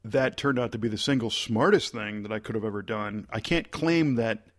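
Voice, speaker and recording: Lower-voiced man telling a story. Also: normal speed. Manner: rambling, animated storytelling with quoted voices. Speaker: podcast guest. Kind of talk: casual storytelling interview.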